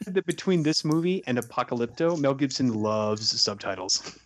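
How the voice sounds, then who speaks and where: A man co-hosting a casual podcast about movies, animated and quick to act out scenes in funny voices. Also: mid-range voice. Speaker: podcast co-host.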